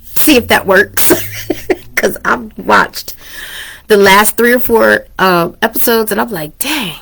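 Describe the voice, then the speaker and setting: Woman podcast host, candid and chatty, slightly gravelly, a bit under the weather, low mic level. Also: slow pace, a bit bright. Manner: chatty, candid, laughs often. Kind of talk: casual chat. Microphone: microphone turned down low.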